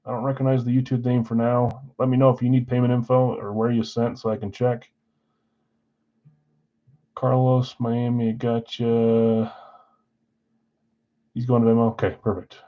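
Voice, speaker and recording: This man's medium-pitched, level voice moves at an ordinary speed with frequent pauses as he hosts a live card break, casually calling out names and team picks like a friendly roll-call. He mumbles his asides, and the recording sounds dull.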